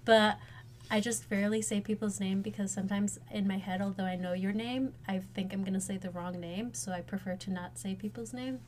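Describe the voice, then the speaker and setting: A woman's voice: medium pitch, fairly even intonation, a little fast, a little mellow, slight background noise. A woman co-hosting a podcast, chatting casually and laughing often. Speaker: podcast co-host. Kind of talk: casual chat.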